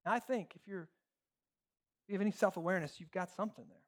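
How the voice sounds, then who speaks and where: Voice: mid-range voice, fast. A pastor preaching a sermon in an emphatic way, using repeated lists and rhetorical questions and checking in with listeners often.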